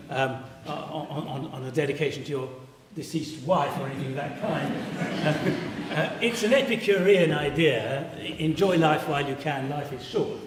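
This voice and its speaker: A man lectures on classics to a live audience, keeping it animated and slipping into brief sung demonstrations. His voice sits slightly high for a man. It arrives from far off, washed in the long reverb of a large hall. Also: noisy background. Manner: animated, sings short pitch examples to illustrate. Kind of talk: live public lecture with slides. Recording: echoey hall, voice picked up from afar.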